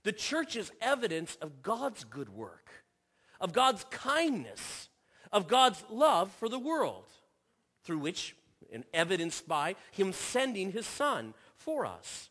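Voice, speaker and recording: A man's voice: high-pitched, huge pitch swings, slow, fairly bright tone, breathy edge. A man preaching a sermon as pastor, earnest, often repeating and restarting phrases. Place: church sanctuary. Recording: long reverb of a church hall.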